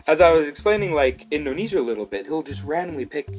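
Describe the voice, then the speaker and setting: Lively man telling a story. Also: a little high, quick pace, soft background music. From United States. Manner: lively, acts out quoted voices. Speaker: podcast co-host. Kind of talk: casual storytelling.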